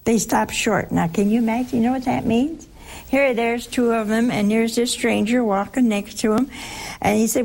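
A woman's voice: a little high, normal speed, creaky, a little mellow. A woman giving a conversational sermon as a Bible teacher, teasing her listeners with rhetorical questions.

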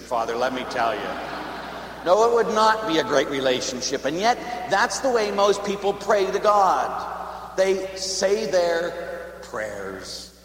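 A man's voice: medium pitch, echoey room, long reverb tail. A man preaching a homily as a Catholic priest in a church, telling long humorous stories in a conversational way. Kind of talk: sermon.

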